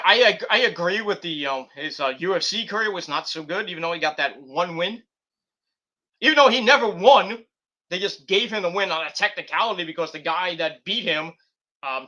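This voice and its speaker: A man's voice: high-pitched, sharp tone. A man hosting a wrestling talk show, rambling in a casual and profane way, often restarting his sentences and filling gaps with ums. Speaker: wrestling podcast host.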